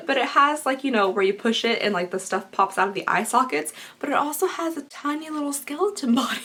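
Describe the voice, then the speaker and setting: A young woman chatting through an unboxing, rambling and easily excited, her voice rough from being sick. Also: sits high, fairly quick, few pauses. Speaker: unboxing vlogger. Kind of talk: casual unboxing chat.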